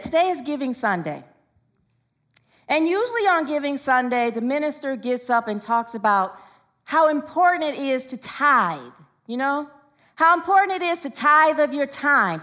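Woman minister, high bright voice, chatty sermon full of little stories and laughs. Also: normal speed. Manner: storytelling with frequent laughs and asides, rising excitedly for quotes.

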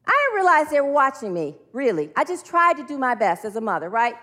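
A woman's voice: high-pitched, sing-song, brisk, pushed and bright. A middle-aged woman minister preaching earnestly and leading her congregation in repeated spoken affirmations. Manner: earnest, leads the congregation in call-and-response.

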